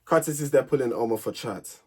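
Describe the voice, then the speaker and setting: A man's voice: medium pitch, brisk, a little mellow, slightly rough. A young man, reviewing a reality dating show in an exasperated, sassy solo rant. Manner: sassy, exasperated, talks straight at people on the show.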